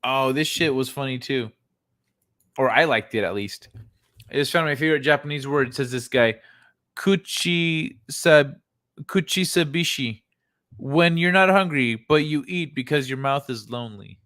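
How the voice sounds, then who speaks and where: A man's voice: mid-range voice, normal speed, a bit bright. A man hosting a casual livestream, reacting to clips in a laid-back way, laughing often and swearing freely. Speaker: livestream host.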